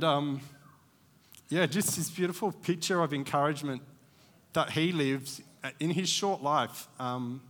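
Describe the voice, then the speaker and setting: A man with a somewhat high, bright, forceful voice preaches a church sermon. He talks casually and wanders off on asides, full of fillers. His voice rings through a hall with a long reverb. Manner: conversational, digressive, many fillers.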